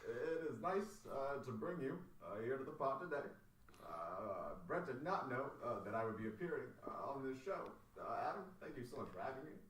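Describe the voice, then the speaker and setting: A man doing an impression of a former male president, speaking slowly and deliberately with many "uh" pauses. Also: mid-range voice, big pitch swings, a bit bright. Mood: presidential. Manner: slow, deliberate delivery full of "uh" pauses. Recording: roomy, distant mic with faint noise.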